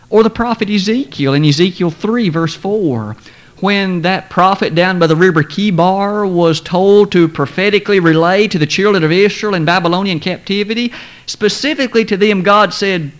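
A man preaching a sermon, speaking in a measured, formal way and slowing down to stress quoted scripture. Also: sits high, lively intonation. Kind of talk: sermon lesson.

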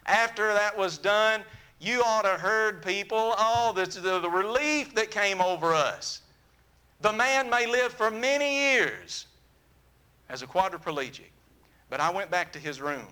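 A man preaching a sermon, telling a story in an earnest, animated way that drops to a soft, intimate tone. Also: high voice, measured pace, clean tone.

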